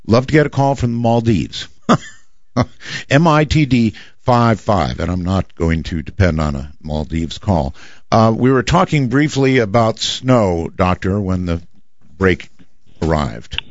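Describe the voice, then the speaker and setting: A man hosts a late-night call-in show, talking in a loose, wry way and pausing often on fillers. His voice sits at an ordinary pitch. The audio is dry and slightly muffled. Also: dry recording. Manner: relaxed, wry, many fillers. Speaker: radio talk show host. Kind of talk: radio call-in talk.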